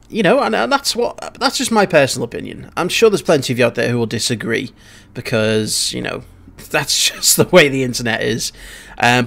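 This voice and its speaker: A man's voice: medium pitch, a bit bright. A man hosting a casual reaction video, giving his opinion in a blunt, chatty way and often restarting his sentences. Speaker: YouTube reaction host.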